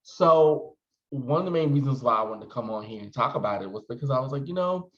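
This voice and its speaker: Man, 40s, expressive casual vlogger; roomy, slightly muffled recording. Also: medium pitch, brisk. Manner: chatty, expressive, calls viewers "honey". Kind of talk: casual chat to camera.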